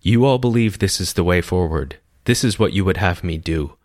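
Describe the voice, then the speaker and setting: A man voicing a weary, commanding male chieftain in a storybook reading, in a measured, authoritative way. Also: deep voice, darkish tone, no room sound, clean studio sound, lightly acted. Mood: stern.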